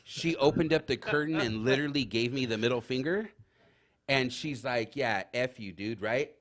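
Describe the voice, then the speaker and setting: A man telling rambling, animated anecdotes in casual chat as a talk show guest, full of fillers. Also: mid-range voice, moderate pace. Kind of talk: casual storytelling.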